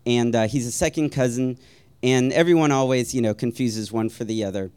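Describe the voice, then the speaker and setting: Smooth-voiced man telling a wry story. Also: mid-range voice, brisk. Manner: wry, self-deprecating, with soft chuckles; rambling, with frequent ums and uhs. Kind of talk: personal storytelling.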